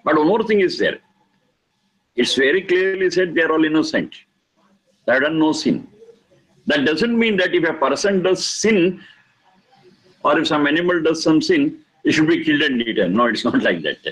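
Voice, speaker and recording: A man teaching a lesson on scripture, speaking slowly and emphatically, repeating key words for stress. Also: on the high side, lively intonation, a bit bright, husky, low-quality recording. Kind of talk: lecture explaining scripture.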